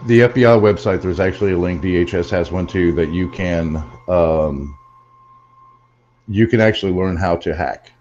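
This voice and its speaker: A man with a very deep voice in casual group chat, telling stories earnestly and with emphasis. His sound is dull and a little lo-fi. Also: moderate pace, darkish tone, a little hiss or hum.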